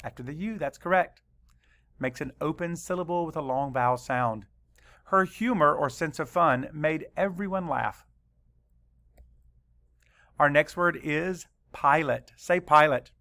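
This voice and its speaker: A male teacher leading a spelling lesson for children, spelling words slowly letter by letter and adding dry asides. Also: a little high, bright, forceful tone.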